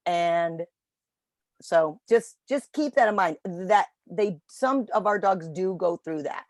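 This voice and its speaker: A woman telling a dog-training story in casual chat on a video call, animated when quoting. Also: medium pitch, moderate pace, no room sound. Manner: chatty storytelling, animated voices for quotes. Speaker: puppy raiser trainer.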